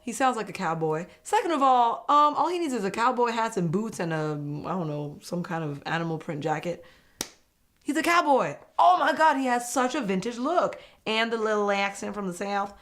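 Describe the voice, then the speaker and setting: A young woman recapping a reality dating show in a casual, animated and opinionated way, laughing often. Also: mid-range voice. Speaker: host.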